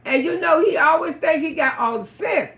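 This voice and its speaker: A woman casually telling a story on a livestream, cursing freely, laughing often and bursting out loudly. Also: high voice, moderate pace. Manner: profane, laughs often, loud outbursts. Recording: roomy echo.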